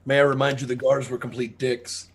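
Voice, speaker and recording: A man's voice: medium pitch, flat delivery, a little fast. A wisecracking man at a tabletop game with a mid-range voice. He ribs his fellow players and makes playful jokes at the table. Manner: wisecracking, teasing.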